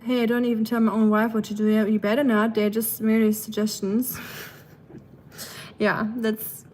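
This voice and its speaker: Woman with a German accent, rambling and friendly streamer chat, slightly high pitch. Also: flat delivery, darkish tone, rough recording. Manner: chatty and rambling, with frequent "um" pauses and light laughs; switches between English and German. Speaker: livestream host. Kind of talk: casual livestream chat, reading chat comments.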